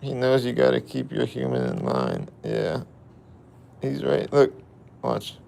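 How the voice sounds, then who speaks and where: Male vlogger, gravelly voice, lively pitch, playful casual chat outdoors. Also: a little slow. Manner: playful, talks to the dog. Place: outdoors with a dog.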